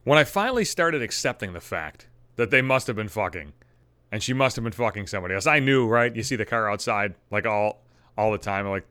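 A man telling a personal story to camera in a profane, animated way, acting out his own thoughts. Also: fairly low pitch, fairly quick, clear, resonant tone, no echo. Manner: animated, swearing, acts out his own inner voice. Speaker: vlogger.

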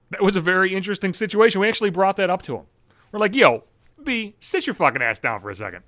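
A man in his thirties spins a foul-mouthed comic story, his voice leaping all over the place as he works himself into a rant. His voice sits a bit high for a man. The sound is close and dry, with no room around it. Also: animated, quick pace, fairly bright tone, no room sound. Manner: swears constantly, gets worked up and ranting. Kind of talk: profane comic storytelling monologue.

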